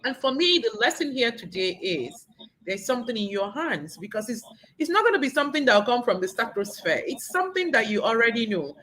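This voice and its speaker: A woman hosting an interview show, effusive and animated, laughing often as she talks. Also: on the high side, fairly quick, a little hiss or hum, low-quality recording. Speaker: talk show host.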